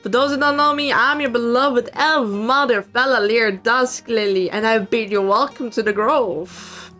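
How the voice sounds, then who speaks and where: A woman's voice: fairly high pitch, a little slow, sharp tone, soft background music. A woman streamer chatting casually with her viewers in a giggly, playful, teasing manner. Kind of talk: casual live-stream chat.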